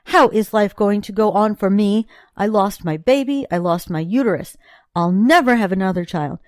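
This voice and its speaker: A woman's voice: fairly high pitch, animated, a little slow, dry recording, studio quality, pitched above the performer's own voice. A woman voicing a grief-stricken young wife of twenty-six in an audiobook, her voice raised and strained. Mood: enraged. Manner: raised, strained voice rising to shouts. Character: grieving young woman, 26, tearful and enraged.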